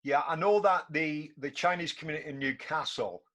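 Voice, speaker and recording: With a crowd audible behind him, a man speaks briskly in a fairly high pitch. He's a podcast host in his fifties from North East England, a chatty storyteller given to repetition, leading a casual conversational interview.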